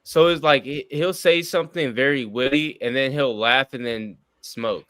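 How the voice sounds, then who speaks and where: A man's voice: medium pitch, normal speed, a bit bright, smooth, no echo, clean studio sound. A man in his thirties chatting casually on a stream, blunt and crude, often talking over others. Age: 30s. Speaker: streamer in group chat. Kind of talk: casual chat.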